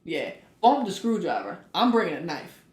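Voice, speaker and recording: A man co-hosting a casual podcast, telling stories and rising loud for punchlines. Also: sits high, big pitch swings, normal speed. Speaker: podcast co-host. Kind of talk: casual chat. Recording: echoey room.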